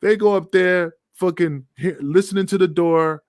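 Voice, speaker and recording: A man's voice: high voice, moderate pace, few pauses, darkish tone, dry recording, clean studio sound. Middle-aged man spinning profane war stories. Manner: profane, rambling war-story telling. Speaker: retired pro wrestler guest. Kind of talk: casual podcast chat.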